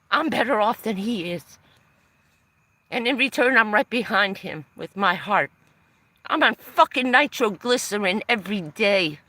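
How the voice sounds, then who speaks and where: A woman's voice: a little high, bright, forceful tone, no room sound. A woman ranting angrily on a live stream, swearing heavily and sounding aggravated and aggrieved, filmed on a phone in a van. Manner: heavy swearing, furious and aggrieved. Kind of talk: angry live-stream rant.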